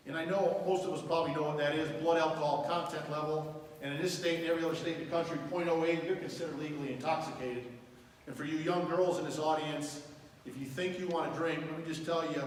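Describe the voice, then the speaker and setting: A middle-aged man with a Southern US accent, giving an earnest, emotional talk to a school audience as a guest speaker. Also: a little high. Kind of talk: public speech to a school audience. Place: large hall. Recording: echoey hall from far off, faint noise.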